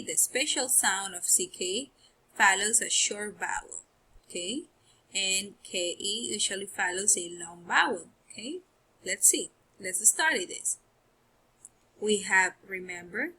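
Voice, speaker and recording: A woman's voice: medium pitch, pushed and bright, slightly rough. A woman teaching first grade phonics. She explains rules patiently, checks in with "okay?", switches between English and Spanish, and drills each word by repeating it three times.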